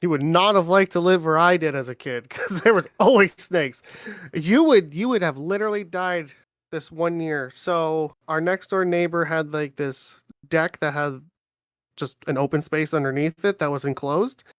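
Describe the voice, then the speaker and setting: A woman hosting a casual talk show, telling animated stories with frequent laughs and lots of fillers. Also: sits low, moderate pace, no room sound, clean studio sound. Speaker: podcast host. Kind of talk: casual storytelling chat.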